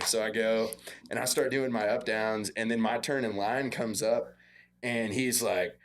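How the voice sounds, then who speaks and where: A man's voice: lowish voice, normal speed. A young man casually recounting a practice story, quoting his coach with a raised voice. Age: young adult. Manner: relaxed, self-deprecating, quotes coach in a raised voice. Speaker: podcast guest, former football walk-on.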